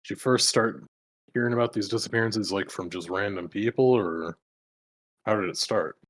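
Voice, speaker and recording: A man's voice: fairly low pitch, moderate pace, a little hiss or hum. A man playing a tabletop game, skeptical and sardonic, swearing casually. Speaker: player.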